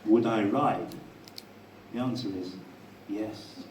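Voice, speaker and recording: Animated man telling a story to a crowd. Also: lowish voice, slow, roomy sound, far from the mic, slight background noise, low-quality recording. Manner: animated, laughing, conversational. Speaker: speaker at a live talk. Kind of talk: storytelling to a live audience. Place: event room with an audience.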